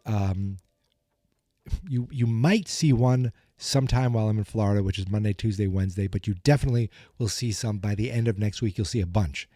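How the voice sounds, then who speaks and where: Podcast host, male, scratchy morning voice, rambling self-joking chat, mellow dark tone. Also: fairly low pitch, no echo, clean studio sound. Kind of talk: casual recap monologue.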